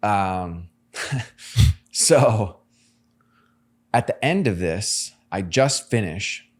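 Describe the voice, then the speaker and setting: Man, podcast guest, lowish voice, animated, slangy, storytelling. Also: very slow. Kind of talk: casual storytelling interview.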